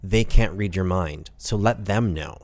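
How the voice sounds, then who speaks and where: A man's voice: deep voice, unhurried, darkish tone. A man giving frank, matter-of-fact advice in a conversation. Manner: direct, matter-of-fact, advising.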